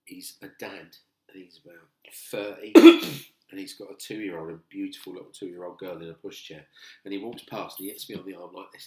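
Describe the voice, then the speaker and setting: A middle-aged comedian chatting casually, telling animated stories and acting out the people in them. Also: male voice, low voice, fairly quick, noisy background. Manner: animated storyteller, acts out voices. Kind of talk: casual chat. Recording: roomy echo.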